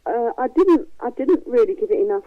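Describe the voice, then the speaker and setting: A middle-aged woman with a softened East London accent talks in a frank, chatty way, laughing easily. She comes through a tinny phone-like line. The sound is dry, with no room around it. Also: a little high, expressive, a little fast, no echo. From East London, England. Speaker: guest. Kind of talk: casual chat.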